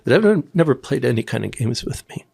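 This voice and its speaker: Man, older, from Tennessee, rambling storyteller, gravelly, raspy. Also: medium pitch, very animated. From Nashville, Tennessee. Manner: rambling, halting restarts, quiet asides. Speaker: guest. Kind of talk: personal storytelling in an interview.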